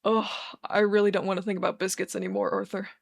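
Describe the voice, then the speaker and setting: A dry, skeptical young man with a wry, deadpan way of teasing, read by a woman in her own low-key voice. He sounds unimpressed yet fond, in a storybook reading. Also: fast, gravelly, no echo. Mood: tired.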